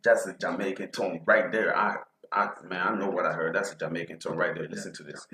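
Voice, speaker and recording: A man in his early twenties hosting a music reaction video, excitable and repeating phrases quickly. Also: sits low, roomy sound. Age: early 20s.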